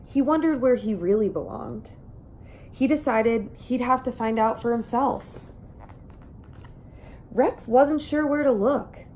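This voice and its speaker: A woman's voice: a little high, takes it slowly, long pauses, darkish tone, slight background noise. A woman reading a children's picture book aloud, telling the story expressively and acting out the characters. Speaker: reader.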